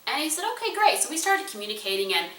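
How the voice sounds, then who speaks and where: A woman entrepreneur and speaker telling a personal story to an audience in an animated, conversational way. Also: mid-range voice, very fast, distant mic. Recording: roomy echo, voice a bit away from the mic.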